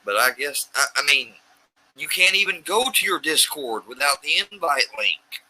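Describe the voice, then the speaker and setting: A man's voice: a little high, animated, normal speed, bright, forceful tone, a little hiss or hum, low-quality recording. Sarcastic man mocking on a livestream.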